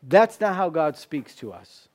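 Man, preacher, sermon, high voice, rhetorical questions, loud then hushed. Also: big pitch swings, unhurried. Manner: swings between loud emphasis and hushed drops; repeats phrases for emphasis, asks rhetorical questions.

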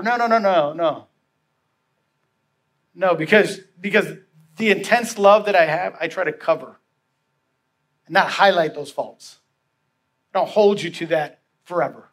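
A man preaching a sermon as pastor, telling a story with repeated phrases for emphasis and dropping to soft tones. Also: high voice, expressive, unhurried, long pauses.

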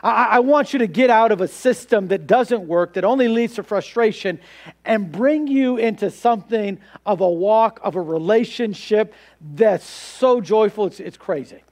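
A man's voice: sits high, normal speed, a little mellow. A male pastor preaching a sermon in a conversational way, repeating words and asking rhetorical questions.

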